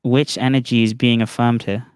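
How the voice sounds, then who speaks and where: A man in an online debate answering in a measured way and pushing back when he is talked over. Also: mid-range voice, little pitch movement, smooth. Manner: measured, asks for a slower pace, pushes back.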